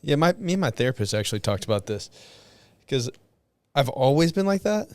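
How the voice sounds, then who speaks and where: A man speaking as a podcast guest, reflective and relaxed, filling his talk with "like". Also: medium pitch, a little fast, clean tone, dry recording. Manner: relaxed, reflective, heavy use of "like". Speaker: podcast guest, narcotics detective. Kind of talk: casual conversational interview.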